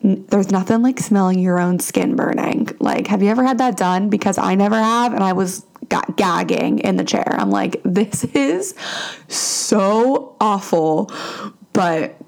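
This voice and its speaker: A young woman hosts her own podcast, telling a long personal story in a chatty, animated way. Her voice sits mid-range with a noticeable gravelly fry running through it. She keeps piling on asides as she goes. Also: medium pitch, normal speed. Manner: chatty, animated retelling with frequent "like" and "lo and behold". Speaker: podcast host. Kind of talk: casual storytelling monologue.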